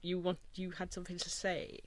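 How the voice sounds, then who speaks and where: High-pitched male, quick playful asides. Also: monotone. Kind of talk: casual chat.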